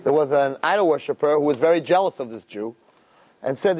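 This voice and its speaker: Leading his weekly religious lecture, a man tells stories with animation, repeats words often, and addresses his audience directly. He speaks a little fast with a voice on the high side, captured on a rough recording.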